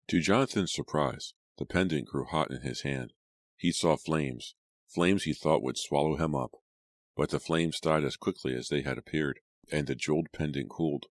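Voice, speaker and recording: A man with an exceptionally deep, low voice reads a dark story aloud. He keeps his narration slow, grave and measured. The sound is dry and close, with no room echo. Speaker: audiobook narrator. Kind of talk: scripted dramatic narration.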